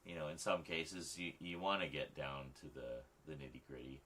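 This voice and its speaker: A man's voice: very deep voice, normal speed, sharp tone. A man hosting a late-night livestream, chatting casually with viewers and rambling with many restarts. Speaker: livestream host. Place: home at night.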